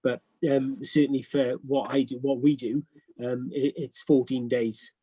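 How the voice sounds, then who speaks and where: A man's voice: mid-range voice, little pitch movement, a little slow, mellow, breathy edge, rough recording. A Welsh man on a video call from home, chatting hesitantly with many ums and laughing easily. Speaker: guest barber. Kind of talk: casual chat. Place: at home, isolating.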